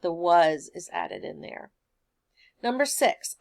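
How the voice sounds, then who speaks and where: A woman's voice: lowish voice, slow, creaky. Woman teaching a grammar lesson. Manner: patient, explanatory, steady classroom pacing.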